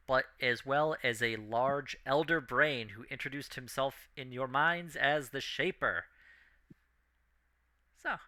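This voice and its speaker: A man running a tabletop game, steadily describing scenes with the odd "um" along the way. His voice is very bright and crisp, and it cuts clean through the narration. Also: medium pitch. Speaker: game master.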